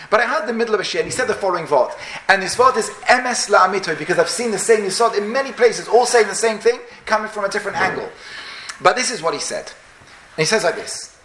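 A man's voice: sits high, bright, forceful tone, echoey room, slight background noise. A man giving an impassioned Torah talk, repeating rhetorical questions as he builds his point. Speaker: Torah lecturer.

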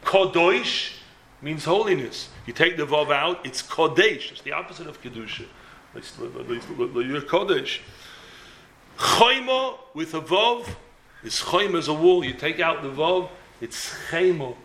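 A man's voice: a little high, normal speed, fairly bright tone. A man giving an impassioned sermon as a rabbi, building to emphatic peaks. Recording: roomy echo.

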